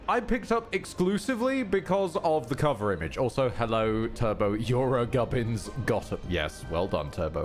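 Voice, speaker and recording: Lively, wry man streaming. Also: a little high. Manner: chatty, wry, self-mocking, thanks chat. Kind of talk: casual live-stream chat.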